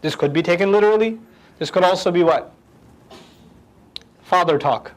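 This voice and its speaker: A man teaching a lecture on the language of the Quran, animated and humorous, acting out quotes. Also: sits high, moderate pace, long pauses, rough recording.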